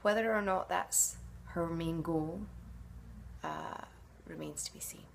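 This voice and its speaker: Casting note: actress answering fan questions to camera, middle-aged woman, low gravelly voice, casual and musing. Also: takes it slowly, slight background noise. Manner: chatty and musing, with frequent hesitations.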